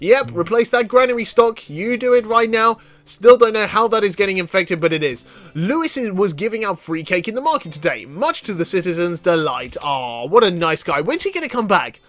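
A man commenting excitedly on a video game, often reading character lines aloud. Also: high-pitched, brisk. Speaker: gaming YouTuber. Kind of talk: let's play commentary. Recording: faint background game music.

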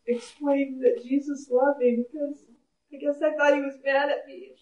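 A woman's voice: high voice, little pitch movement, normal speed, darkish tone, dull audio. A woman calling in, speaking hesitantly and earnestly about her personal troubles. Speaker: caller. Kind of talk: personal confession on air.

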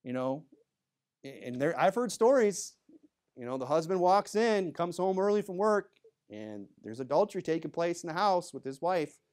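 A pastor preaching a sermon in a church, talking conversationally with many asides, moving between emphatic bursts and low, quiet remarks. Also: male voice, big pitch swings, normal speed. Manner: conversational, full of "you know" asides.

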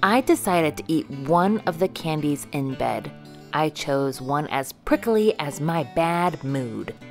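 A woman reading a children's picture book aloud in an expressive storybook manner. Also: low voice, slow, soft background music.

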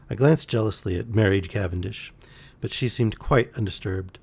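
A man reading a novel aloud on a live stream, relaxed, with the odd slip and restart. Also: on the low side, normal speed, slightly rough. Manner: relaxed, with occasional slips and restarts. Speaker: audiobook reader on a live stream. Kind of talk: reading a novel aloud, voicing characters lightly.

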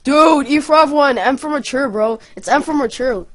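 A woman hosting a live reaction to a game announcement, shouting, laughing and yelling in bursts of excitement. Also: high voice, moderate pace, no echo. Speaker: channel host reacting to a video.

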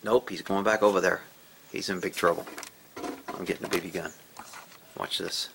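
A man chatting casually in an outdoor vlog, laughing often and scolding his pets in a high sing-song voice. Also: fairly even intonation, moderate pace, gravelly, noisy background. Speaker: horse and pet owner vlogger.

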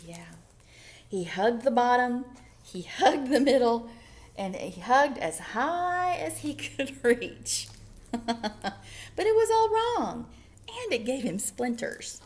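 A woman who is a children's librarian, reading picture books aloud in an animated, sing-song way that often drops into whispers. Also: on the high side. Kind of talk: storytime read-aloud.

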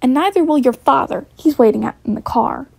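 A woman's voice: high-pitched, fairly quick, gravelly, a little mellow, husky, heavily acted. A woman voicing a controlling middle-aged mother who speaks in dramatic, accusing lines. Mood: cold.

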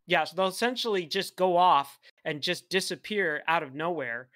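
A man's voice: sits high, normal speed, bright, forceful tone, no echo, studio quality. A polite man calling in to a casual chat, talking hesitantly with many fillers. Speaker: caller.

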